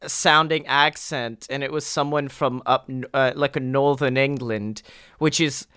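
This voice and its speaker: A man in his twenties co-hosting a casual podcast chat, telling stories animatedly and jumping into loud, high acted quotes. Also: fairly even intonation, unhurried, smooth, no room sound, studio quality. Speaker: podcast co-host.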